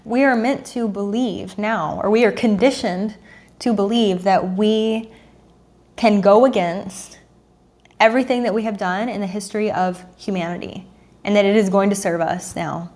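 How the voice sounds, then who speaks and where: A woman's voice: medium pitch, steady tone, normal speed, darkish tone. A woman in her thirties, a dating coach, talking earnestly and emotionally to camera, repeating herself and sighing.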